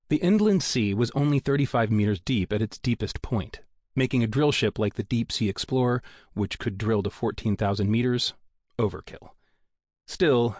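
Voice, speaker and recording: This fairly low-voiced male narrator reads a novel from a script with steady, measured storytelling. The audiobook recording is dry and sounds clean, like a studio.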